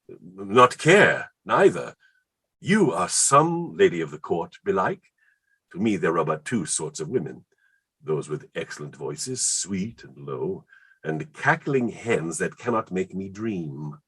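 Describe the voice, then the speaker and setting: A man's voice: low-pitched, slow pace, husky, heavily acted. A man playing an ardent Elizabethan poet. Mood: rapturous. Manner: rhapsodic, excitable, laughing. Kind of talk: staged play reading.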